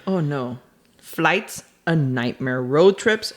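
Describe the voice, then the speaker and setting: A woman's voice: sits low, slow pace. A woman co-hosting a podcast in casual chat, laughing often and correcting her partner. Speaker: podcast co-host.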